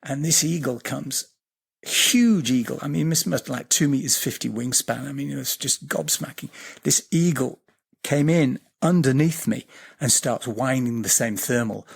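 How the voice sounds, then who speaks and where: A man tells a story as a podcast guest, his middle-pitched voice gravelly with a husky edge. He swears freely, circles back over his words and slows down to draw out the tense moments. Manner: vivid, swearing storyteller who repeats words and restarts. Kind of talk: animated storytelling in a podcast interview.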